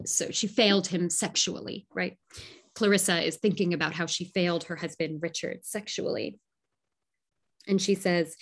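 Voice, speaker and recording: Woman author talking over a video call, lowish voice, jokey then reads out loud slow. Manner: animated, joking, reads literary passages slowly. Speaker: author and literature scholar. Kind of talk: casual conversation and reading aloud.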